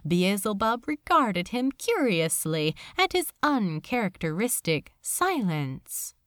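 Woman audiobook reader, lively pitch, unhurried and dramatic. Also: no echo, clean studio sound. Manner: expressive, dramatic narration. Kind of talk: audiobook reading of fan fiction.

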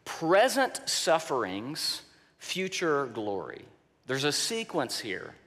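Slow, deliberate preacher in a reverberant hall. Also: male voice, mid-range voice. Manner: slow, deliberate preaching that drops soft for emphasis. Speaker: pastor. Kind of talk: sermon. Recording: long reverb of a large hall.

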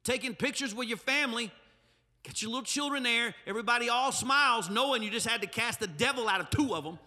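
Man, pastor, emphatic funny sermon, high-pitched, echoing church hall. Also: fast talker, bright, forceful tone. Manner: humorous, emphatic preaching with asides. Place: church sanctuary.

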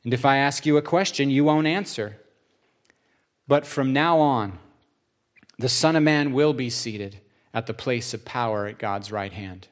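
A man voicing Jesus as a calm grown man, earnest and measured, in a Bible reading. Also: medium pitch, natural voice. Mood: solemn.

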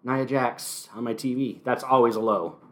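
A man's voice: medium pitch, steady tone, normal speed, a bit bright. A man hosting a casual solo wrestling recap podcast, talking with wry, sarcastic asides, recorded at home. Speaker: podcast host.

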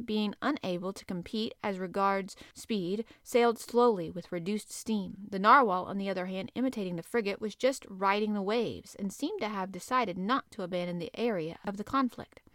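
A woman reads a novel aloud as an audiobook narrator. Her voice sits at a middle pitch, and her reading is steady and expressive. The sound is dry and close to the mic. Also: normal speed, no echo.

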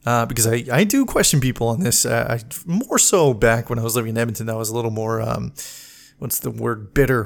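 A man's voice: mid-range voice, gravelly. A man ranting in a casual podcast monologue, swearing freely and exasperated, sometimes mocking other people in put-on voices. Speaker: podcast host, medic.

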